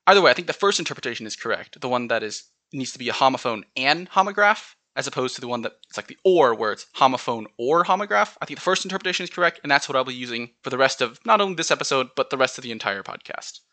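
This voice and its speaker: Lively, bright-voiced American man explaining. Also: medium pitch, fast, hardly any pauses, no echo. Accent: General American. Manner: chatty, spells words out letter by letter. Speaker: podcast host. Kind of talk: solo explanatory podcast.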